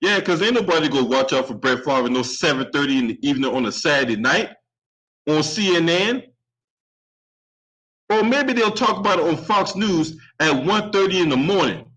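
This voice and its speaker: A man with a high-pitched voice rants angrily through a solo sports commentary. He swears freely and keeps pushing his point with a sharp "right?". His anger stays steady and heated all the way through. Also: poor audio. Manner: profane, heated, repeatedly asks "right?". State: openly angry. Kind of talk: angry solo commentary rant.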